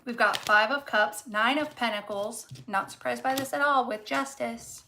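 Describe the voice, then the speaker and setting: A woman's voice: a little high, normal speed, creaky, noisy background. A woman reading tarot cards casually to camera, fervent and encouraging, swearing freely and repeating words for emphasis. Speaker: tarot reader.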